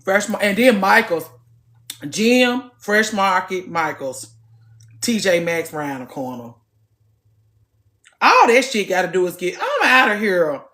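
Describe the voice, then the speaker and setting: A woman in her late thirties, chatting casually to her viewers from the gym. She talks in an animated way, swings between loud and soft, and swears freely. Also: medium pitch, slow pace, long pauses. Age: late 30s. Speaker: vlogger. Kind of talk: casual chat to camera.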